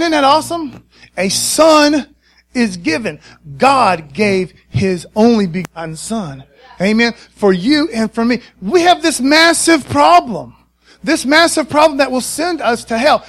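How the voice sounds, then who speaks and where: A man preaching a sermon, excited and conversational, often calling out to the congregation for a response. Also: extremely high pitch.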